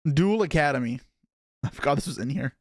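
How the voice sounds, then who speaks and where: A man's voice: a little high, lively intonation, no echo, clean studio sound. A young man chatting casually on a live stream as he opens trading card packs and answers his chat. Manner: chatty, reacting to chat, quick asides.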